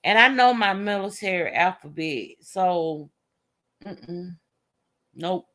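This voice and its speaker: A woman hosting a casual live stream, talking bluntly with plenty of cursing and laughter. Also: lowish voice. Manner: blunt, profane and animated, with laughter and drawn-out asides.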